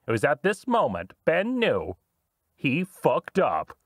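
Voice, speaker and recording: A man's voice: on the high side, huge pitch swings, slow, dry recording, clean studio sound. A man telling a comedic story about his tabletop game as the game master, playful and full of sound effects.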